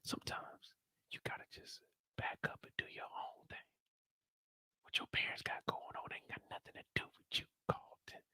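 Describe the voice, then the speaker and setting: A man voicing a calm, soft-spoken male mentor who murmurs his advice in a barely audible whisper, as whispered role-play. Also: normal speed, long pauses, dry recording. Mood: soothing.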